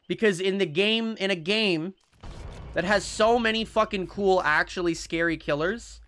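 A young man streaming a game live, reacting excitably with jokes and frequent swearing. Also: high voice, normal speed. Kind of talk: live gameplay commentary.

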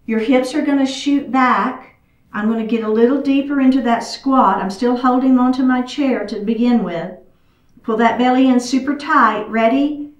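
A woman's voice: fairly high pitch, moderate pace. A woman teaching a chair yoga class, chatty and encouraging, a little out of breath as she moves through the poses. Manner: encouraging, chatty, talks while moving. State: slightly out of breath. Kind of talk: guided exercise class instruction. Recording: echoey room, far from the mic.

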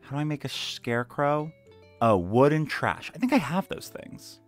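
A man's voice: fairly high pitch, big pitch swings, moderate pace, faint music behind. A young man live-streaming a game, chatting playfully and joking about himself. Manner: playful, self-mocking, chatty.

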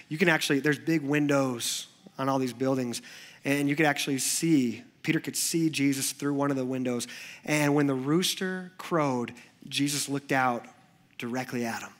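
A man preaching a sermon in church, conversational, moving between animated asides and hushed, earnest passages. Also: mid-range voice. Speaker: pastor.

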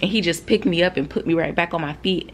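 A woman's voice: lowish voice, fast, a little hiss or hum. A woman in her thirties, a soldier, telling an emotional story straight to her viewers, frank and profane and close to tears. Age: 30s. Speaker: soldier and vlogger. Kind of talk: candid storytime vlog.

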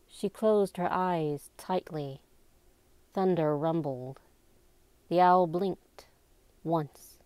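A woman reading a novel aloud in a slow, even and deliberate storybook narration. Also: lowish voice, clear, resonant tone, no echo. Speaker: amateur reader.

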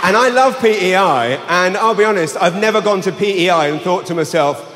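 A man's voice: high voice, fairly quick, crowd noise. A man with a London English accent doing a brash, sweary stand-up set live in a large arena on a handheld mic. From England. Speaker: stand-up comedian. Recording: live arena with long reverb, faint hum.

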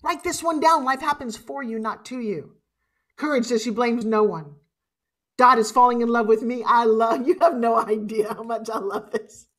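This is a middle-aged woman delivering a motivational keynote from the stage, her voice pitched a little above the usual for a woman. She talks in an animated, emotional way, pushing some lines out loud and dropping others to a hush, and at times she is close to tears. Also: normal speed. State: tearful at times. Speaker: motivational speaker. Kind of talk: live motivational keynote speech.

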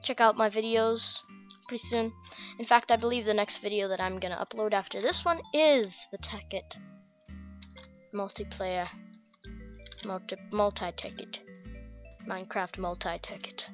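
A woman's voice: mid-range voice, moderate pace, long pauses, faint music behind. Rambling, goofy American woman gaming. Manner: rambling, goofy, chatty with many fillers. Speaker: gaming channel host. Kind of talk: casual Minecraft gameplay commentary.

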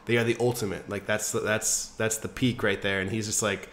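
A man hosting a casual podcast, retelling a story in an animated, profane way full of fillers. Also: fairly low pitch, brisk, a little hiss or hum. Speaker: podcast host.

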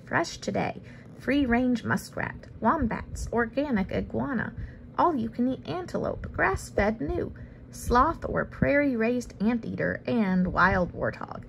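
A woman's voice: a little high, expressive, takes it slowly, gravelly, a little hiss or hum, pitched above the performer's own voice, heavily acted, poor audio. A woman voicing a stern, unimpressed male lion teacher in a picture book read-aloud, giving dry, matter-of-fact instructions. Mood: listing menu.

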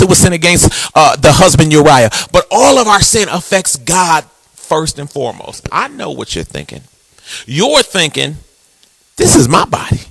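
A male pastor preaches with a high, gravelly voice, picked up close and dry. He swings between shouted, half-sung peaks and quick, low storytelling asides. He calls out to the congregation to answer him back. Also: dry recording. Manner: dramatic, call-and-response preaching with shouted peaks and sung phrases. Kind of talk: sermon.

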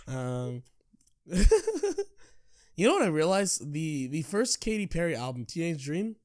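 A man's voice: fairly high pitch, lively intonation, unhurried. Young man hosting a chat podcast, joking. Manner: joking, laughs often. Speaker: podcast host. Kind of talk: casual chat.

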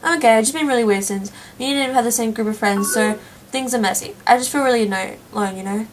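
A young woman talks through a breakup in chat messages, read aloud by a woman gamer. The reading is soft and plain. The voice sits slightly high. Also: fast talker, slight background noise, natural voice, rough recording. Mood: quiet. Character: young woman chatting online after a breakup. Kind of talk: reading in-game chat lines.

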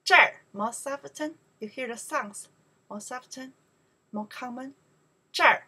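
A woman with a Mandarin Chinese accent, whose native language is Chinese, teaches pronunciation in unhurried English. Her tone is bright and a little breathy. She says each example word loudly and repeats it for the learner. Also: high voice. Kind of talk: pronunciation lesson.

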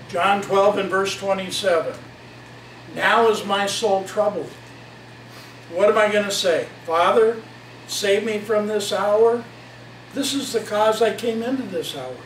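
A man's voice: high voice, a little hiss or hum. A man preaching a sermon, fervent and quoting long passages of scripture. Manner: fervent, quotes scripture at length. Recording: echoey room, mic at a distance.

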